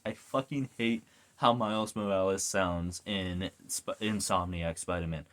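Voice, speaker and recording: A man's voice: low voice, a little slow. A man giving a casual ranting video review, swearing often and going off on tangents. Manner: animated, swears a lot, goes off on rants.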